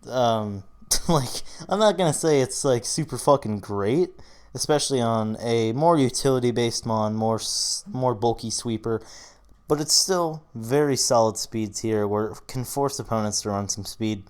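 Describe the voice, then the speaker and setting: A man's voice: mid-range voice, a little mellow. A tired young man talking casually through his team picks, rambling, swearing often and yawning. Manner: casual and profane, rambling with fillers. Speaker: YouTuber doing a draft analysis. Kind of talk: casual commentary.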